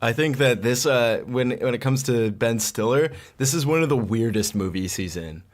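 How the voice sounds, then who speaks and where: A man's voice: mid-range voice, moderate pace. A young man co-hosting a podcast, chatting casually with lots of "um" and "like". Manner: relaxed, filler-heavy chatter with laughs. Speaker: podcast co-host. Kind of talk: casual chat.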